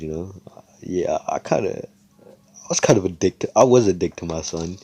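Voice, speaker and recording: A man's voice: low-pitched, lively intonation, moderate pace, mellow, breathy edge, dry recording. A young man improvising a fan fiction story, rambling with slang, swearing and lots of fillers.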